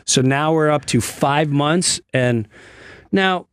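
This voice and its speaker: A man, a guest comedian, tells an earnest personal story in a relaxed studio chat. His voice sits at an ordinary pitch, and the sound is dry and close on a studio mic. He slips into other people's voices as he tells it. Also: takes it slowly, smooth, no room sound.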